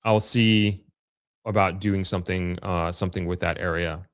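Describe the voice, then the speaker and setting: A man's voice: sits low, fairly even intonation, normal speed, dry recording, studio quality. A man with a Long Island accent hosting a casual live stream, reading viewer comments aloud and answering them in an upbeat, chatty way. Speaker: livestream host reading chat.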